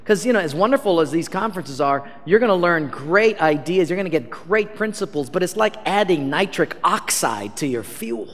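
A man with a high voice preaches a storytelling sermon and acts out each exchange with animated, self-mocking humor. The sound carries a long reverb from a large hall. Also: normal speed, hardly any pauses. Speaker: pastor.

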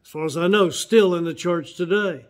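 A pastor in his sixties preaches a sermon in a voice that is notably high for a man. He speaks earnestly at normal speed, drawing out and repeating key phrases for weight.

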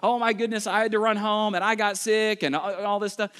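Man putting on whiny students, high squeaky voice, gushing, begging, over-the-top, long hall reverb. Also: steady tone, fairly quick, a bit bright, clear, resonant tone. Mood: whiny pleading. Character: whiny pleading college students making excuses.

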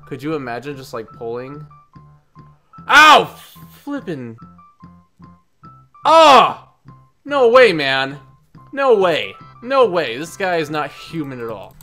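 A man hosting a let's play, joking and breaking into loud excited outbursts as he plays. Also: a little high, slow, pauses often, soft background music. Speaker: gaming video host.

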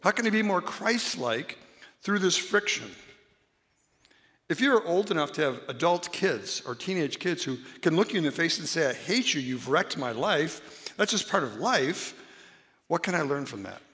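A man preaching a conversational sermon as pastor, acting out examples with rises and drops in pitch and volume. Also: very animated, moderate pace, bright, forceful tone, husky, long reverb tail. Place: church.

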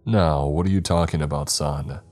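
A man voicing a stern father and former police officer, speaking in a gruff, commanding way. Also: extremely low pitch, fairly even intonation, normal speed, darkish tone, soft background music. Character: stern older father, a former cop, angry.

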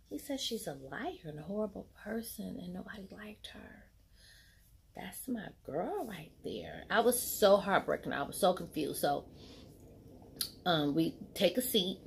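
Husky-voiced woman telling a story. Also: sits low. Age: 40s. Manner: rambling and conversational, with many fillers and reenacted quotes; drops to a near-whisper at emotional moments. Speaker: storytelling vlogger. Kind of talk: casual storytime monologue. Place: home set lit by a ring light.

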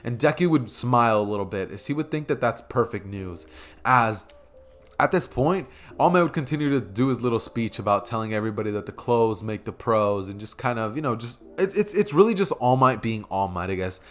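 A man's voice: mid-range voice, lively intonation, brisk. A young man casually improvising a fan story, rambling with many fillers and chuckling asides, at a desk mic by a keyboard.

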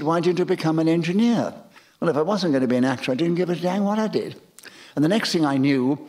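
An older Englishman, a guest in an onstage conversation, tells anecdotes animatedly and acts out the voices of the people in them. His voice is a little high with a darkish tone.

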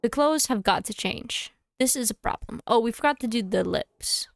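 A woman streamer chatting casually to herself and her audience while playing a game, thinking aloud with quick asides. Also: fairly high pitch, vocal fry, no echo, studio quality.

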